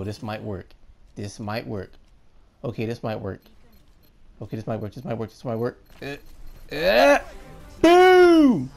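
A young man giving excitable gameplay commentary, often repeating himself. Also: medium pitch. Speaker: gaming YouTuber.

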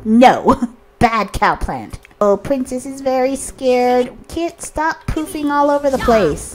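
A woman giving casual commentary over a life-sim game, chatting to her characters and reacting with quick exclamations. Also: sits high, a little hiss or hum. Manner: chatty, talks to her sims, lively reactions. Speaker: let's play host.

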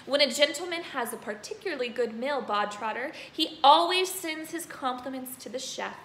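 A woman voicing a cruel, tyrannical headmistress who booms and hurls insults. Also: lively intonation, normal speed. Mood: booming. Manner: booming, shouting insults. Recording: roomy echo, faint noise.

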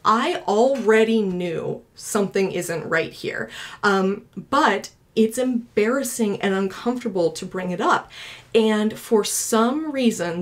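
A woman in her thirties giving a recorded nursing lecture, talking conversationally to students with asides and stories from her own life. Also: medium pitch. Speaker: nursing instructor.

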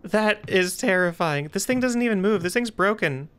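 A woman streamer talking through a horror game, chatty and jumpy, with nervous outbursts and a slightly rough throat. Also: mid-range voice, lively intonation, moderate pace. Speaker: gaming streamer.

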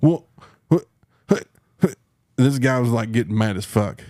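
A man's voice: mid-range voice, moderate pace, warm tone, no echo, studio quality. A man with a Texan accent telling a story on a podcast, heated and profane, mocking the people he dealt with. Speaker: podcast host. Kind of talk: casual storytelling rant.

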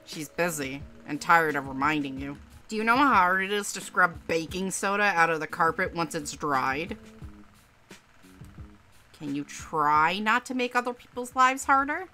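A woman's voice: fairly low pitch, lively intonation, normal speed, sharp tone, faint music behind. A woman reading the lines of a preachy, condescending male student who lectures and scolds in a game. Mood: scolding.

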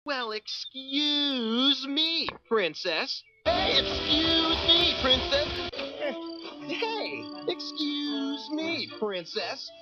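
A man voicing a cocky young male cartoon hero, speaking with a sarcastic, drawn-out teasing delivery. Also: extremely high pitch, big pitch swings, heavily acted. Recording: dull lo-fi cartoon clip with music.

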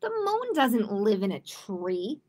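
A woman voicing a fussy female duck in a children's storybook, sniffy and quick to snap. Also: a little high, huge pitch swings, a little mellow, full character voice. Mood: snappish. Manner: sniffy and quacking.

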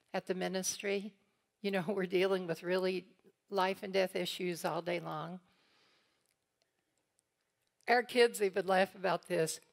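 Her voice is lowish and creaky. She's a guest teacher from eastern Kentucky addressing a church congregation, telling family stories and acting out the people she quotes with laughs.

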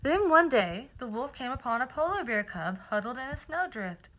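A woman reading a picture book aloud to children, pausing to explain words and count along with them. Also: high voice, very animated, muffled recording. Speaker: teacher.

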